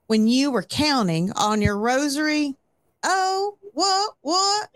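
Slow Southern woman reading lyrics. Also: a little high, no echo. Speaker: lyrics reader. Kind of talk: reading song lyrics aloud.

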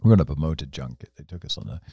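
A man with a very low, dark, mellow voice, telling long rambling stories in a podcast chat. He talks up close on a dry mic. He is animated and laughs often as he goes. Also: rapid-fire, husky, no echo. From England. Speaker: storyteller, podcast guest. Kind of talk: casual anecdotal storytelling.

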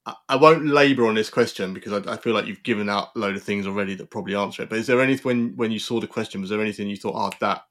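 A man's voice: on the low side, racing, few pauses, fairly bright tone. A man hosting a casual interview, asking reflective questions in a conversational way. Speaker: interview host.

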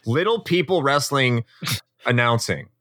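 A man's voice: medium pitch, lively intonation, measured pace, a bit bright, no echo. A man co-hosting a casual podcast, telling rambling, playful stories. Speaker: podcast co-host.

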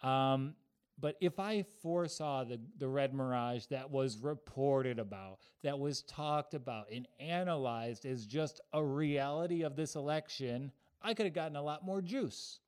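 A man's voice: mid-range voice, unhurried, a little mellow, smooth. A young man hosting a casual sports betting podcast, joking and self-deprecating as he riffs with his co-host.

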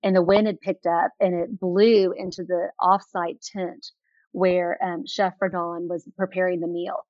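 During an interview, a female author tells lively anecdotes peppered with fillers, speaking at a measured pace. Her voice is on the low side with a level tone and no echo, and the recording is dull and lo-fi.

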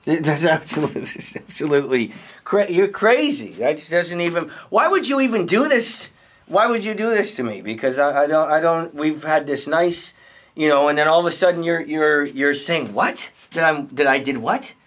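A man's voice: a little high, fairly even intonation, normal speed, fairly bright tone, lightly acted. An actor playing a flustered, indignant man who stammers and trips over his words while defending himself. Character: flustered, indignant middle-aged man being accused. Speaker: interviewee. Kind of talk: comedic audio drama acting.

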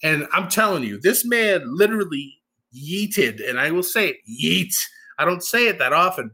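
Bright-voiced man casually recapping. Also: fairly high pitch, moderate pace, slightly rough. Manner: chatty, animated retelling with frequent laughs and fillers. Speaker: show recap host.

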